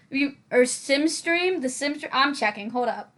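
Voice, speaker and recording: A woman's voice: on the high side, steady tone, a little slow, few pauses, a bit bright. A young woman hosting a game-building video, chatting casually in a rambling, giggly way with lots of fillers and restarts. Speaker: Sims building channel host. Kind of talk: casual voice-over chat.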